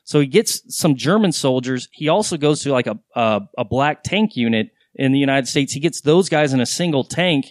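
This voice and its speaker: A man's voice: mid-range voice, lively intonation, normal speed, few pauses, dry recording. Rambling candid man, dry sound. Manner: rambling, candid storyteller with swearing. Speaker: podcast host. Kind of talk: casual podcast chat.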